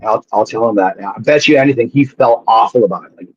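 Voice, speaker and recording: A man, a former pro wrestler appearing as a guest, telling animated and profane stories in a casual way, often restarting his sentences. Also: on the low side, fast, slightly rough, no room sound. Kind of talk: casual storytelling on a live show. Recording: dull lo-fi sound.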